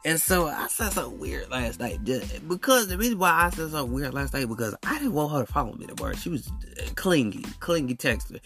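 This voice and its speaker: A man from Alabama, hosting a solo podcast and telling stories in a blunt, animated, slangy way. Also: on the high side, brisk, faint music behind. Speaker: podcast host.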